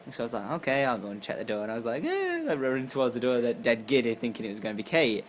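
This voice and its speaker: A tired young man from England telling a story casually to camera, acting out his own lines with sudden jumps in pitch and loudness. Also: rapid-fire, a little hiss or hum. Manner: animated, acts out quotes with jumps in pitch and volume. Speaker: YouTuber.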